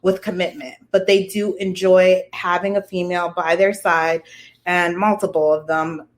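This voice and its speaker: A woman's voice: lowish voice, normal speed. A woman co-hosting a casual talk podcast, speaking animatedly and turning to ask listeners questions. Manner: animated, talks to listeners directly. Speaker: podcast co-host. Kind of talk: casual chat.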